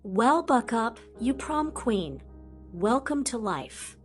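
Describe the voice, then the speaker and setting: A woman's voice: a little high, sing-song, slow, soft background music. A woman voicing a rude, brash teenage boy wizard in a fan audiobook. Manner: blunt, mouthy.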